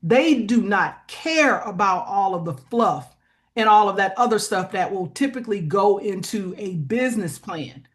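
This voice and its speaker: A woman's voice: medium pitch, lively intonation, a little slow. Woman explaining funding in plain terms. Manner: explanatory, plain-spoken, frequent "right?" checks. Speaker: guest, funding expert. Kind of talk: conversational interview.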